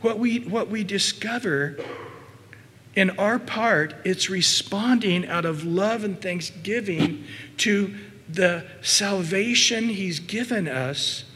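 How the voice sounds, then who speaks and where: A man with a high voice preaches a sermon, emphatic and expressive. He drops into soft, low asides, then climbs into loud, mocking imitations. His words ring out with a long reverb, as in a large church hall. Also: slow. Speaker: pastor.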